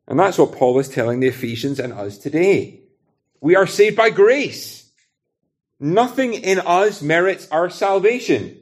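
A man's voice: medium pitch, a little mellow. A man from Britain preaching a sermon in an earnest, conversational way, using everyday illustrations.

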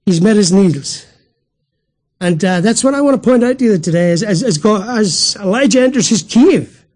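A man with a strikingly high-pitched voice delivers a sermon. He speaks emphatically and keeps putting rhetorical questions to his listeners. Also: expressive, normal speed, darkish tone. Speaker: preacher.

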